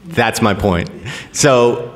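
Low-voiced middle-aged male host, dry wit. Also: extremely slow. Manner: dry, teasing interjections. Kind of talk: conversational interview. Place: stage of a performance venue.

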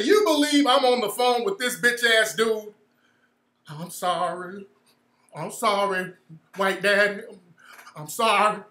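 Profane mocking man, bright roomy sound. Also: extremely high pitch. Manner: profane, mocking, mimics in a meek voice. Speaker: host. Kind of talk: livestream commentary reacting to a clip.

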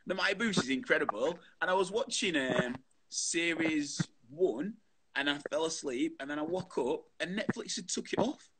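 A man's voice: fairly high pitch, animated, normal speed, very noisy. A man hosting a casual chat show over a video call, chatty and full of matey banter.

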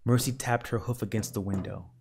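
A man reading a children's picture book aloud in a calm, measured narration. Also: on the low side, vocal fry, slightly rough. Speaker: storyteller.

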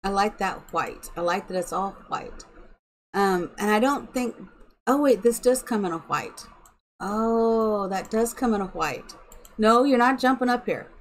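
A middle-aged woman chatting slowly while streaming a building game at home, talking sweetly to her cat. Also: mid-range voice, animated, slight background noise, poor audio. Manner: slow and chatty, cooing baby talk to her cat. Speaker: live streamer. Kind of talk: casual game-stream chat.

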